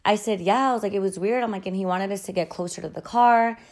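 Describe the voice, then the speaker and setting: A woman's voice: mid-range voice, fast talker, darkish tone. A young woman hosting a podcast, telling a childhood story in a casual, chatty way, full of fillers and quoted dialogue, with casual swearing. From Mexican-American family. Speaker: podcast host.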